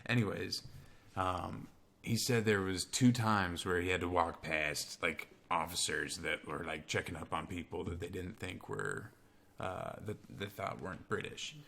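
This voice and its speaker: A man's voice: sits low, steady tone, a little slow, creaky, bright, forceful tone. A man co-hosting a casual chat with his brother, swearing a lot and laughing as he talks. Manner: swearing, laughing, slipping into mock accents. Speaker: podcast co-host.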